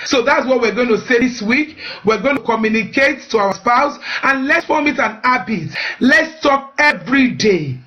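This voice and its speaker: A woman hosts a live-streamed marriage advice show, her voice on the high side with lively intonation, normal speed, few pauses and a sharp tone. The audio is dull. She speaks earnestly, urges her listeners on, and often repeats words while searching for the next one.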